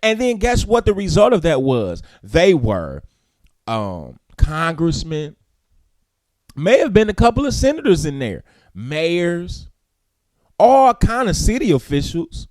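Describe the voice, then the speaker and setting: A man hosting a morning talk show, giving preacherly, emphatic commentary that climbs to loud peaks and drops low. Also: huge pitch swings, slow, no room sound, studio quality. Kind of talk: impassioned commentary and news reading.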